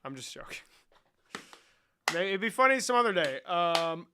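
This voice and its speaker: A man's voice: sits high, very animated, measured pace, noisy background. A young man around twenty, casually chatting on a livestream in a joking, sarcastic way and swearing a lot. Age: young adult.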